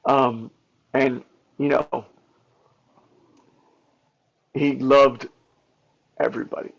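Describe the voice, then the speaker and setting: A man with a very gravelly, husky voice tells behind-the-scenes stories as an interview guest. He talks in an animated rush of fillers and restarts. The audio is dull and lo-fi. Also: mid-range voice, slow pace. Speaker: stuntman and actor guest. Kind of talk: candid interview storytelling.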